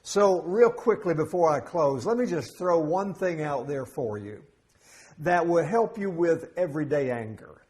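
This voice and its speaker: A man's voice: a little high, expressive, measured pace, a little mellow. A middle-aged man preaching a sermon as pastor, conversational and humorous, with jokes and asides. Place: church sanctuary.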